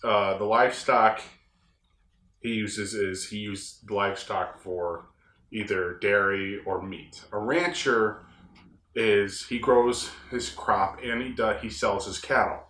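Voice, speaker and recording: A young man from upstate New York rambles through a casual solo talk in a plain, folksy way. His voice sits on the low side. It carries a noticeable roomy echo from the room on the ranch where he records. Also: a bit bright. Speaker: podcast host.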